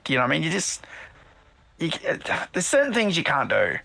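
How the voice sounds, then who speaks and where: A man's voice: fairly high pitch, wildly swooping pitch, fairly quick, creaky, sharp tone, no room sound. A man on a live panel stream, explaining his view and checking in with the others. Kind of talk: casual panel chat.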